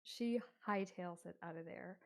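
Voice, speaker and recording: A woman running a tabletop horror game, narrating in a relaxed, chatty way. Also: on the low side, a little slow. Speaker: game master.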